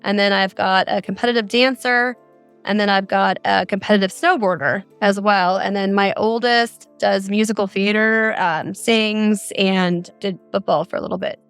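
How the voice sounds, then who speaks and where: A woman's voice: medium pitch, steady tone, moderate pace, a bit bright, clear, resonant tone, dry recording, faint music behind. Earnest mother telling her story. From Arizona. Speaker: guest. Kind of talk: podcast interview, recounting her experience.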